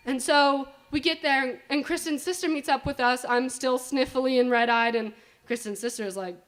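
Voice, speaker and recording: Young woman, slightly high voice, live storytelling, chatty, filler-heavy, indoor event, stage mic. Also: fairly even intonation, brisk, fairly bright tone. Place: indoor winery event space.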